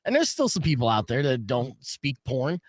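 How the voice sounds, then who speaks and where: A man hosting a radio show, telling stories with lively voice imitations. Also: mid-range voice, normal speed, no room sound, clean studio sound. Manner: animated storyteller, mimics voices. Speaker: radio host. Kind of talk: morning radio banter. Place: radio studio. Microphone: studio broadcast mic.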